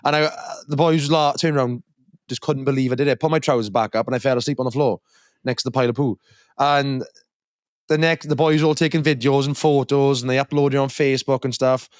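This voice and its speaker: A man's voice: medium pitch, quick pace, no room sound, clean studio sound. A young man in his twenties, co-hosting a podcast and telling a story in casual chat, acting out the voices of the people in it. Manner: animated storyteller, acts out quoted voices. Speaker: podcast co-host.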